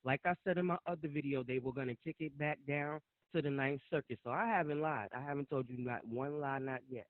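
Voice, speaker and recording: A man's voice: mid-range voice, a little fast, no echo. Chatty male host, dry tinny mic. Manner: conversational, talks straight to viewers. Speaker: channel host commenting on audio. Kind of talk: casual commentary.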